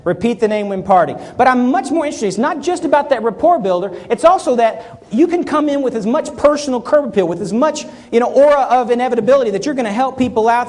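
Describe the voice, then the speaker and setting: A man giving a keynote talk on stage to a live audience, acting out little scenes in quoted voices. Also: very high-pitched. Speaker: keynote speaker.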